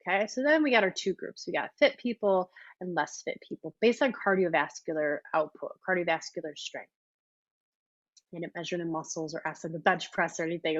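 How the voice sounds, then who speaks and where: A woman leading a long workshop, talking in a chatty, enthusiastic way with lots of fillers, her voice a little hoarse. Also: fairly low pitch, no room sound, muffled recording. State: slightly hoarse, losing her voice. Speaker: workshop leader. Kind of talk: teaching a live online workshop.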